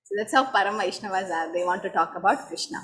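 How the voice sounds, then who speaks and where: A woman giving a scripture class, telling devotional stories in a lively way and acting out the people in them. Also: mid-range voice, quick pace, slight background noise, rough recording. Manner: animated storytelling, acting out quoted voices. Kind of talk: storytelling sermon.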